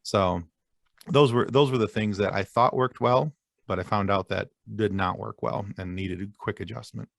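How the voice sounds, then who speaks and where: A man's voice: lowish voice, moderate pace, creaky, no echo, studio quality. A man guest on a podcast, talking casually in a rambling, self-deprecating way. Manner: rambling, many fillers and restarts, self-deprecating. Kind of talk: casual interview chat.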